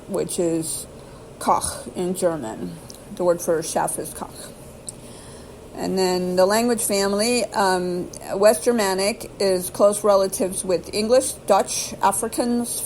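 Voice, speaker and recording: A woman reading aloud from a book and rambling in between, often hesitating and correcting herself as she thinks out loud. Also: mid-range voice, slight background noise, rough recording. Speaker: video host reading aloud. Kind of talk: casual read-aloud with asides.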